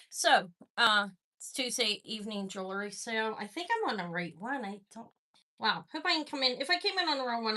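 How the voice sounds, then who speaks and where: A woman's voice: medium pitch, pushed and bright. A woman hosting a live jewelry sale stream, chatting casually and rambling as she greets viewers by name.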